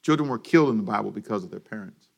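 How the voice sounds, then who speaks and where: A man preaching a sermon for a daily radio program, animated, and having his congregation repeat lines after him. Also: fairly low pitch, rapid-fire, gravelly, husky, dull audio. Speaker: pastor.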